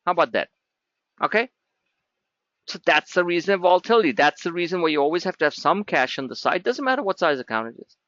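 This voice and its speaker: A man's voice: on the high side, animated, fast talker, a bit bright, no echo, muffled recording. A man teaching a live trading class in a blunt, sarcastic, scolding way. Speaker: trading educator.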